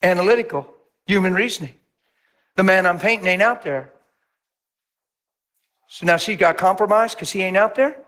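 A man preaching as a pastor, telling stories with lively acted-out voices and sudden drops to a near whisper. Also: normal speed, long pauses. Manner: animated storytelling, acts out voices with big pitch jumps. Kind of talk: sermon.

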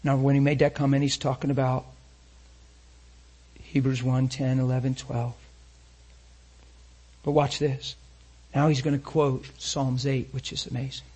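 Husky-voiced intense male preacher. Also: mid-range voice, flat delivery, measured pace, long pauses. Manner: intense, swings between loud emphatic lines and hushed near-whispers; rhetorical questions to the congregation. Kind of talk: sermon.

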